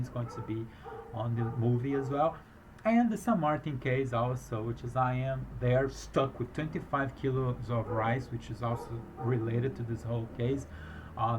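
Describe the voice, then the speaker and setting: Halting, rambling man with a foreign accent. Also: medium pitch, background noise. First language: not English, speaks with a foreign accent. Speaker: business owner recounting a fraud case. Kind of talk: emotional personal account.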